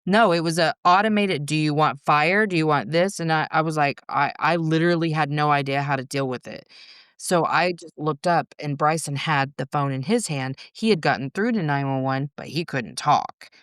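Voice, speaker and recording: A woman talks straight into a close podcast mic, her voice smooth and clean, the room dry with no echo. She tells her story candidly, swearing freely and drifting into quick asides. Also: sits low. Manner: frank, swears freely, rapid rambling asides. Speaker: podcast guest.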